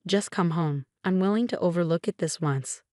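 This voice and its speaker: A woman's voice: lowish voice, moderate pace, darkish tone, no echo, clean studio sound, natural voice. A woman reading as a ranting, scornful husband. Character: angry condescending young husband, male.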